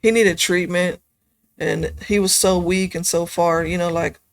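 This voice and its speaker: A woman guest on a podcast, talking casually and rambling with lots of "you know" and "like", going soft and subdued over hard memories. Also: lowish voice, fairly even intonation, unhurried, dry recording. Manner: soft, subdued when telling sad parts. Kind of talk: casual conversation.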